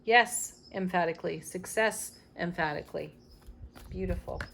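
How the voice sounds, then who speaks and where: Low-voiced woman giving a tarot reading. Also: normal speed, gravelly, fairly bright tone, slight background noise. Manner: emphatic, spiritual encouragement with small laughs. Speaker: tarot reader.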